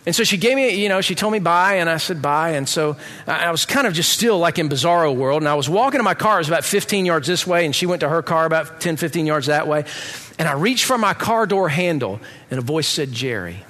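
A middle-aged man giving a personal testimony in an animated, comic storytelling manner. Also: fairly high pitch, fast. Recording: reverberant hall.

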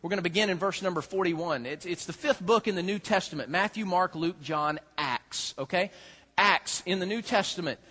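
A man preaching a sermon as a pastor, folksy and joking, with animated storytelling. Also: high-pitched, normal speed.

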